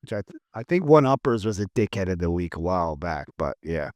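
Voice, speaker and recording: A man's voice: low-pitched, very animated, fairly quick, a little mellow, no echo, clean studio sound. A man with a Philadelphia accent co-hosting a podcast, joking and swearing in casual banter. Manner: joking, swearing, easily laughing. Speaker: podcast co-host.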